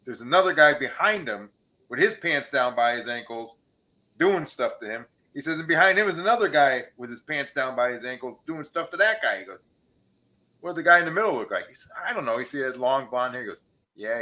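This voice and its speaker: Bright-voiced man telling bar jokes. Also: a little fast. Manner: animated joke-teller, changes pitch for each character. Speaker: podcast host. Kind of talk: casual chat, telling jokes.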